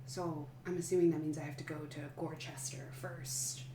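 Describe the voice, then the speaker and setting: A woman playing a tabletop game, animated and chatty with lots of fillers. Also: low voice, moderate pace, roomy sound, recorded from a distance, noisy background. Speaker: player. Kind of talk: casual tabletop play.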